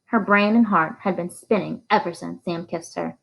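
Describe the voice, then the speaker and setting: A woman reading a novel aloud in a steady storytelling manner. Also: fairly low pitch, moderate pace, creaky, poor audio. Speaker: reader.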